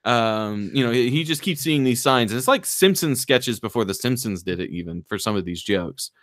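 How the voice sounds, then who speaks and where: A man hosting a casual podcast, rambling through a movie plot and briefly mimicking the characters in quick voices. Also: medium pitch, animated, a bit bright, dry recording, studio quality. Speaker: podcast host.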